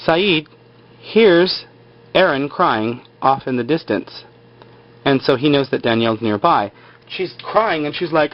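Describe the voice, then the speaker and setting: A man's voice: on the high side, lively intonation, a little slow. A man casually retelling a TV episode, rambling with lots of filler words. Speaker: episode recapper. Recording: slightly muffled lo-fi recording.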